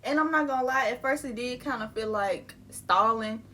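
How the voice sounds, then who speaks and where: A woman's voice: fairly high pitch, moderate pace, sharp tone, slight background noise. A young adult woman telling a personal story in a casual, candid way, full of slang and swearing. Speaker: vlogger.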